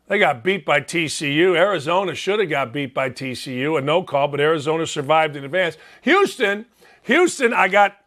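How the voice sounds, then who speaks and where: Chicago-accented male sports host, high voice, blunt and fired-up, rambling solo talk. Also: fairly bright tone. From Northwest Indiana.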